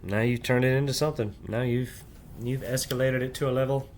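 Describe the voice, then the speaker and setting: A man in a rambling personal monologue, speaking in halting, clipped fragments and tagging nearly every phrase with "right?" in a confrontational way. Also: medium pitch, steady tone, a little hiss or hum. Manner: insistent, confrontational address. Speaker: vlogger.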